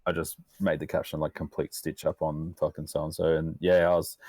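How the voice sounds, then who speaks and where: A man's voice: rumbling low, little pitch movement, a little fast, a little mellow, no room sound. A young Australian man, a podcast guest, chatting casually, rambling and swearing with little chuckles.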